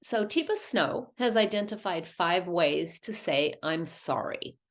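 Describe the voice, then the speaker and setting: Lower-voiced woman presenting a webinar. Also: animated, a little slow. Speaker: hospice educator.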